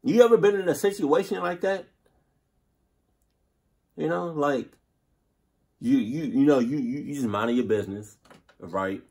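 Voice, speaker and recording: A man hosting a reaction video, talking in animated, profane, slangy banter. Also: a little high, unhurried, vocal fry, long pauses, husky. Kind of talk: casual reaction commentary.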